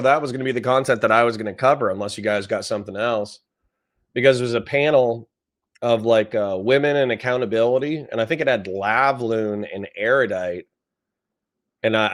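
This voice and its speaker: A young man streaming, reading out chat and reacting with blunt, profane commentary that repeats phrases for effect. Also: mid-range voice. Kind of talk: casual livestream commentary.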